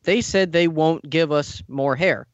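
A man voicing a bumbling, pompous male office boss who speaks in blunt, halting pronouncements. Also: fairly high pitch, no echo, lo-fi sound, natural voice.

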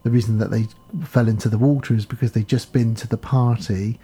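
Brief: male co-host, husky, rambling recap. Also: medium pitch, fairly even intonation, a little fast, dark tone. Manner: rambling recap, acts out lines. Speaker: podcast co-host. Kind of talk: casual chat, retelling a film plot.

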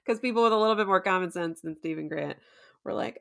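A woman's voice: lowish voice, a little fast, creaky, a bit bright. A woman hosting a casual podcast, chatty and laughing often as she recaps a show and acts out quotes. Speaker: podcast host.

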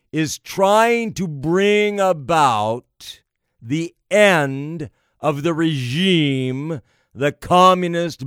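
A man delivering an emphatic political monologue, slow and deliberate, piling up phrase after phrase. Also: on the high side, no room sound, clean studio sound. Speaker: political commentator.

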